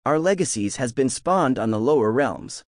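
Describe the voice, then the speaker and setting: A man's voice: medium pitch, lively intonation, moderate pace, dry recording, clean studio sound, natural voice. A man voicing a teasing trickster god. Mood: sly. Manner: teasing, sly. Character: playful sly trickster god, male.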